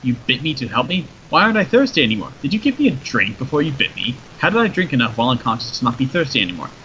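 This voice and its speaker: A man doing a croaky, bewildered stranded man. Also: medium pitch, sing-song, racing, pushed and bright. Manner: croaky, anxious questioning. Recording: dull lo-fi with faint noise.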